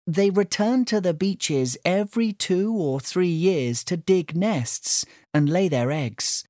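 A woman's voice: on the low side, lively intonation, slow pace, dark tone, no room sound, clean studio sound, voice pushed up. A woman doing an eager young island girl. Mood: explaining.

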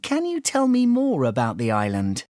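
A woman's voice: a bass voice, wildly swooping pitch, normal speed, warm tone, no echo, clean studio sound, heavily acted. A woman playing a curious young boy.

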